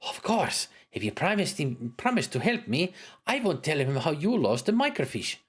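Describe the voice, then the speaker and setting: A man voicing a nervous female spy posing as a shop clerk, speaking in a shaky, halting, stammering way as he reads game dialogue aloud. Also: fairly high pitch, big pitch swings, breathy edge, pitched above the performer's own voice. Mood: scheming. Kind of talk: reading a game's dialogue aloud.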